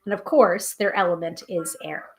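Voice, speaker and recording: A woman hosting a live tarot stream, chatting casually and reading aloud from a guidebook, self-deprecating and a little halting over hard names. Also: fairly low pitch. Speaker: tarot reader and livestream host.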